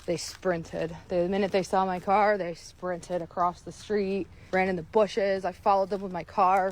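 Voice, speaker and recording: A woman's voice: lowish voice, flat delivery, a little slow, slight background noise. A middle-aged woman in a self-filmed social media video, recounting events outdoors in an urgent, insistent way. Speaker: mother posting videos.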